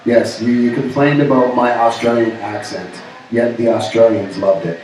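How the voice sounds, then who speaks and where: A man from Canada co-hosting a casual pop culture show, bantering and joking in an animated way. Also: mid-range voice, normal speed, distant mic. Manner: joking, animated, jumps into bits and shouts. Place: pub. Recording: echoey room, voice from off mic.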